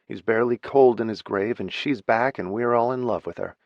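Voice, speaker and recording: A man's voice: medium pitch, a little fast, dry recording, dull audio, close to an everyday voice. A male narrator voicing an outspoken grown daughter who speaks bitterly and bluntly. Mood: indignant.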